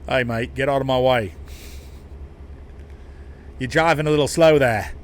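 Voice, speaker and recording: A man's voice: medium pitch, a little slow, slight background noise, close to an everyday voice. A man doing a poor put-on Australian accent, playing an impatient driver who wants others to get out of the way.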